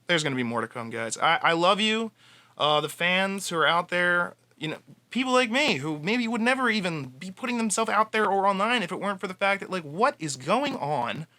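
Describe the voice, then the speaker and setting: A man's voice: high voice, lively intonation, moderate pace, bright, forceful tone, dry recording. A man giving a casual fan monologue, passionate and rambling, with frequent restarts. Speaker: fan commentator.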